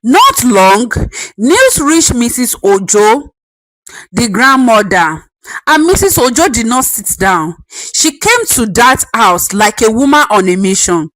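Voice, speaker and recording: A woman's voice: fairly high pitch, big pitch swings, takes it slowly, a bit bright, dry recording, low-quality recording. A woman narrating a dramatic family story expressively.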